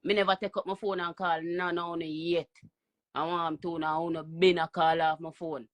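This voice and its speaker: Jamaican man, loud taunting live-stream rant, repeats himself for effect. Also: on the high side, level tone, brisk.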